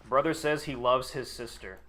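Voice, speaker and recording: A man's voice: mid-range voice, moderate pace, sharp tone, slight background noise. A man talking casually to his chat on a live gaming stream, rambling, sarcastic and freely profane.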